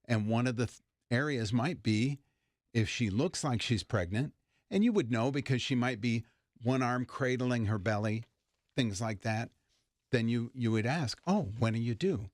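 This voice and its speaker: A man co-hosting a morning radio talk show, speaking in a hesitant, measured way and gently pushing back. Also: medium pitch, no room sound, studio quality.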